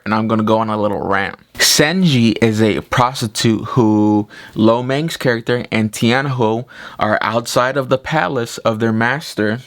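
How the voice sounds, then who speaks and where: A man talks through a film review in a casual, excited way, leaning on "like" as he retells scenes. His pitch sits in an ordinary middle range. The sound is dry and close, with no room echo. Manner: excited retelling, heavy use of 'like'. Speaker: movie reviewer.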